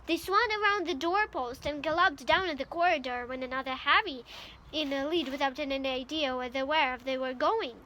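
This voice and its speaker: High-voiced woman reading aloud. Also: bright, forceful tone, a little hiss or hum. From Ukraine. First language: Ukrainian. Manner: careful reading with slips and restarts. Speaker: reader.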